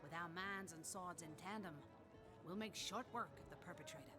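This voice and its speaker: A woman's voice: lowish voice, a little fast, natural voice. A woman voicing a boisterous retired woman warrior with a Southern American accent, folksy and rousing in a video game. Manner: folksy, rousing, full of old sayings. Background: game music.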